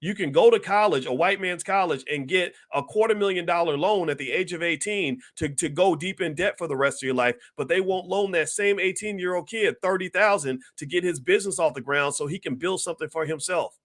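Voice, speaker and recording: A man's voice: sits high, a little fast, few pauses, fairly bright tone. A man giving heated, rambling commentary straight to his viewers, asking them questions and preaching his point. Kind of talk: direct-to-camera commentary.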